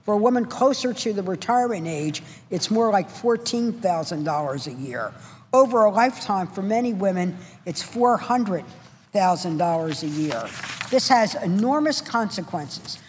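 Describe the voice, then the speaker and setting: A woman senator speaking on the floor of a large legislative chamber, her voice at a middling pitch. She builds her points into short, punchy, repeated phrases with rising passion. Her words ring out with a long reverb from the big hall. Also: lively intonation, moderate pace, a little hiss or hum.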